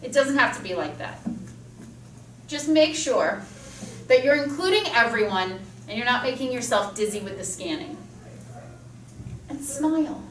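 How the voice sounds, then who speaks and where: A woman speech teacher lecturing a class, enthusiastic and quick with examples, speaking through a mask. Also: a little high, animated, a bit bright, slight background noise. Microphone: masked, recorded from across a classroom. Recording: echoey classroom from far off.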